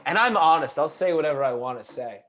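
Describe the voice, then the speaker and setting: Guy doing improv, kinda high voice, dry and blunt, fake stern. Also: animated, fast, fairly bright tone, a little hiss or hum. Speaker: improv performer. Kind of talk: improv comedy scene.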